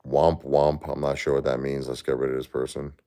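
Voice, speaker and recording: A man with a bass voice and a dark tone talks fast in a completely flat delivery. He's hosting a live stream, speaking emotionally to chat in a weary, distressed way and repeating himself.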